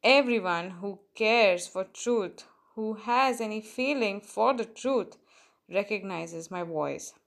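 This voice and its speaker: A woman reading the part of a calm, dignified male religious teacher, soft and slow. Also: medium pitch, gravelly.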